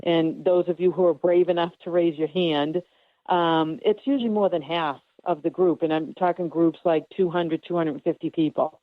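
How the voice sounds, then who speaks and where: Woman guest medium, low-ish voice, calm and reassuring, dry tinny phone line. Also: no echo. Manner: calm, reassuring, explains slowly with fillers. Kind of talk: casual radio interview.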